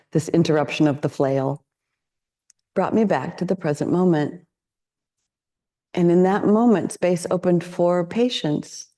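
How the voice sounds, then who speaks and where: A woman teaching meditation in a dharma talk, her voice low-pitched and warm. She speaks in a reflective, candid way and often poses questions to her listeners.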